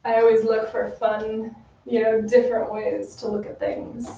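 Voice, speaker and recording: Chatty giggly woman, kinda high voice, mellow tone, sounds far off in an echoey room. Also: completely flat delivery, measured pace, vocal fry. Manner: chatty, giggly, many fillers. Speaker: cosplay model. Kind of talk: casual livestream chat. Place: room with a bar. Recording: roomy, distant, dull livestream audio.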